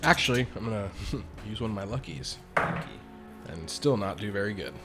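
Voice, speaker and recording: A man's voice: lowish voice, lively intonation, moderate pace, over music. A man playing a tabletop role-playing game, describing his actions in a rambling way. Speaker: player.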